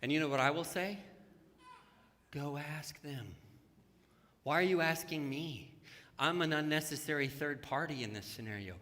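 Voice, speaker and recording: A man's voice: fairly high pitch, fairly quick, sharp tone. A man preaching a sermon in a church, telling stories in a conversational way and acting out the voices of the people in them. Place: church sanctuary. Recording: long hall reverb.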